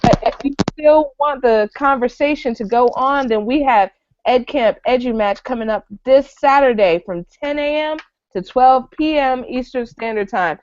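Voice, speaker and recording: A woman hosting an online education show, making quick promotional announcements before handing over to the moderator. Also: high voice, a little mellow, no room sound. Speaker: show host. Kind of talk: announcements and introduction. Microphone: video call. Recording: dry lo-fi web call audio.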